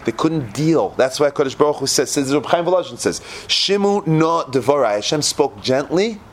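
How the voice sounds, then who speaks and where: A man giving a Torah class, quoting Hebrew verses and translating them, dropping to a low hush at dramatic moments. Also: brisk, slight background noise. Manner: expressive, quotes Hebrew verses then translates. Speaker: Torah teacher.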